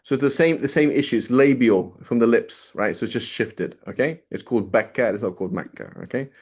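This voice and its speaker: A man's voice: mid-range voice, a little fast, a little mellow, breathy edge. A man teaching a class in a casual, chatty way, often checking in with students and asking them questions. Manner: casual, checks in with "right?" constantly. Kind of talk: classroom lecture.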